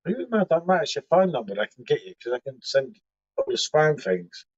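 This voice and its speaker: Sweary, bantering bloke. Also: male voice, on the high side, very animated, fairly quick, husky. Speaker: beer livestream co-host. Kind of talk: casual chat. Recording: muffled lo-fi livestream audio.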